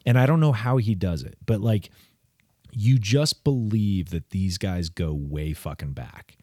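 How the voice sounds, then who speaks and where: A man's voice: lowish voice, expressive, a little slow, warm tone, no room sound, studio quality. A man co-hosting a podcast, talking about a film in a laid-back, rambling way with casual swearing. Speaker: podcast co-host.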